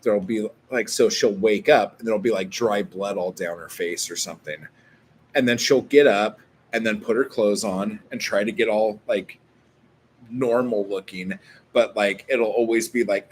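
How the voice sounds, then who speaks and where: A man's voice: fairly low pitch, slight background noise. A man vlogging casually, rambling through a story full of filler words and swearing.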